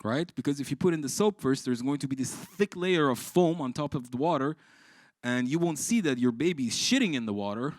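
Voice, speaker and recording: A man from Iran doing live stand-up, telling stories with swearing and shouted punchlines. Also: medium pitch, a little fast, dry recording. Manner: animated, swearing, exclaiming punchlines. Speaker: stand-up comedian. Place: live comedy stage.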